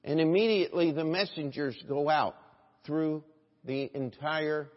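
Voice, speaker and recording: Pastor, male, dramatic sermon delivery, fairly high voice, dull lo-fi recording with long hall reverb. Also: a little slow. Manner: preaching with rising, dramatic emphasis and sudden hushed drops; reads scripture in an old, formal register. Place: church sanctuary.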